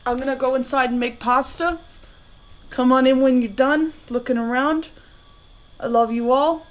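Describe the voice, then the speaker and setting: A woman's voice: high voice, steady tone, normal speed. A young woman, the daughter co-host, breaking in with playful, teasing remarks in a casual vlog.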